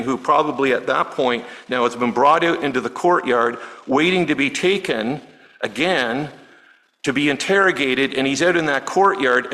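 A pastor with a bright, mid-range voice and a forceful tone preaches a sermon conversationally, often asking his listeners questions and restarting his sentences many times. The recording quality is low.

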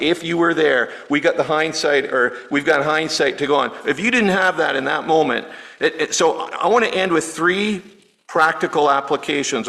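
A man's voice: a little high, fairly bright tone, poor audio. A man preaching a sermon in a conversational way, often asking his listeners questions. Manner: conversational, asks the audience questions, many restarts. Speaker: pastor.

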